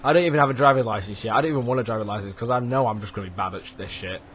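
A young gaming YouTuber gives casual let's play commentary on his own gameplay, swearing constantly and muttering to himself in frustration. His mid-range voice is rapid-fire with a fairly bright tone, and there's slight background noise.

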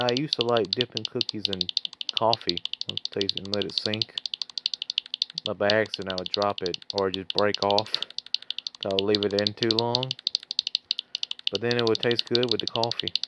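Woman, extremely low voice, crude rambling game commentary, loud hiss behind, clicking keys. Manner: rambling, profane, laughs often. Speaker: gaming channel host. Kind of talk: casual gameplay commentary. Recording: loud background noise, clicking.

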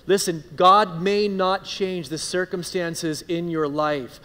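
A man preaching a sermon as pastor, conversational and animated, acting out the people he quotes. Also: high-pitched, slow pace, big-room sound. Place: church sanctuary.

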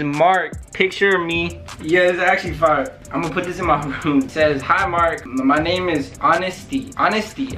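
An excited young man opening packages at home, chatting in quick slang and thanking his viewers. His voice sits a little high for a man. Music plays clearly underneath him. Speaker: YouTuber. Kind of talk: unboxing vlog.

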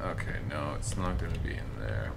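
A man's voice: extremely low pitch, normal speed, vocal fry, very noisy. A man co-hosting a let's play, reacting with frustration and frequent swearing in casual banter. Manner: lively, swears often, frustrated exclamations.

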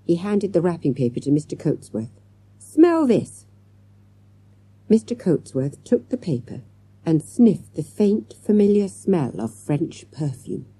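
A woman narrating a children's mystery audiobook in a lively, expressive storytelling manner. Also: sits low, moderate pace, breathy edge, no room sound. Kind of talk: scripted narration.

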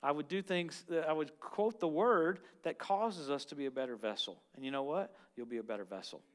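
Guest minister, male, charismatic church sermon, animated, loud outbursts and hushed prayer. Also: fairly high pitch, fairly quick. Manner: animated, swings from loud exclaims to quiet prayer. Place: church service.

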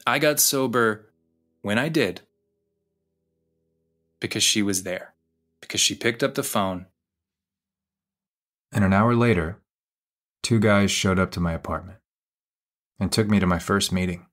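A man hosting a podcast, narrating a personal story in an intimate, confessional way and slowing down on key phrases. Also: lowish voice, a bit bright. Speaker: podcast host. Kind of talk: personal narration over music.

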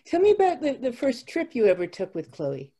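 Mellow woman asking gentle interview questions. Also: a little high, wildly swooping pitch, fairly quick, slight background noise.

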